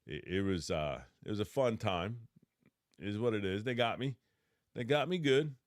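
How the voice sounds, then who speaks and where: A middle-aged man with a low voice tells workplace stories in an animated, casual way. His pitch leaps up whenever he acts out what someone said, and he stammers and laughs along the way. The sound is dry and close, with no room echo. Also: moderate pace. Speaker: podcast host, electrician trainer. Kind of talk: casual storytelling.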